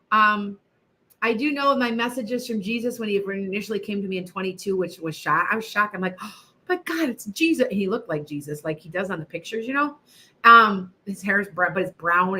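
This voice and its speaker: Bright-voiced emphatic woman psychic host. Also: medium pitch. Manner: emphatic, repeats herself, chatty asides to viewers. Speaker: psychic livestream host answering viewer questions. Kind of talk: casual live-stream chat.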